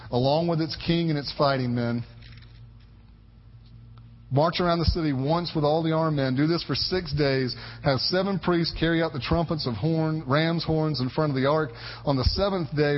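A man in his thirties preaching a sermon as a pastor, emphatic and conversational, repeating his phrases for weight. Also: mid-range voice. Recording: echoey hall, dull lo-fi sound.

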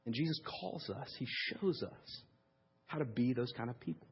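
A man's voice: medium pitch, normal speed, slightly rough, dull audio. A man preaching a sermon in a casual, conversational way, telling a story with many fillers. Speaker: pastor.

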